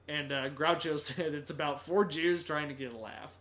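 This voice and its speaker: A man's voice: fairly high pitch, moderate pace, hardly any pauses, fairly bright tone. A man co-hosting a podcast, chatting casually about a comedy film, often laughing and quoting lines from it. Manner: laughs often, quotes lines in put-on voices. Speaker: podcast co-host. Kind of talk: casual movie discussion.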